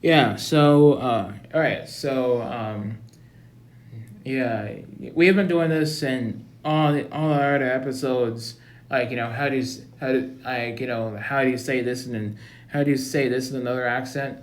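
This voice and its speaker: Young man, host, casual comedy chat, halting and repetitive, echoey room. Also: mid-range voice. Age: young adult. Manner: hesitant, many fillers and restarts. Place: library room.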